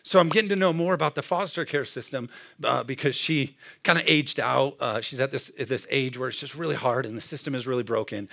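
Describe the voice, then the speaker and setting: A man's voice: mid-range voice, fairly quick, gravelly, bright, forceful tone. A middle-aged man preaching a sermon in a conversational style, often asking the room "Amen?". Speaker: pastor.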